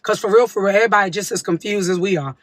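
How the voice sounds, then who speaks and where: A woman's voice: mid-range voice, rapid-fire, no echo. A woman talking casually to her viewers, giving blunt, slangy advice. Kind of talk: casual social media talk.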